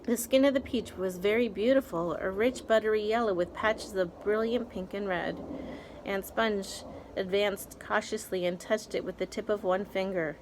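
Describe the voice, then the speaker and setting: A woman's voice: mid-range voice, steady tone, moderate pace, slight background noise, rough recording. A woman, a teacher, reading a children's novel aloud expressively, with small slips and restarts.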